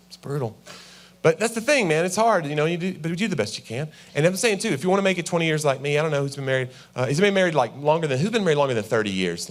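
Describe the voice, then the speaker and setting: Stand-up comic man on stage. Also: a little high. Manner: conversational, acts out voices of his wife and himself. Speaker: stand-up comedian. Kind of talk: stand-up comedy set. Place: church auditorium with a live audience.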